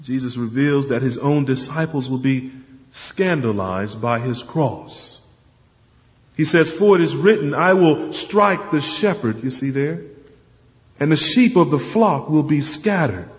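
A man's voice: medium pitch, animated, measured pace. A man preaching a sermon, earnest and emphatic, often repeating words as he stresses a point. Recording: dull lo-fi sound with long hall reverb.

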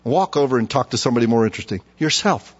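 A middle-aged man preaching a sermon with humor, acting out conversations with himself in an animated way. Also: mid-range voice, racing, slightly rough, lo-fi sound. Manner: animated, humorous, acts out inner dialogue. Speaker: pastor.

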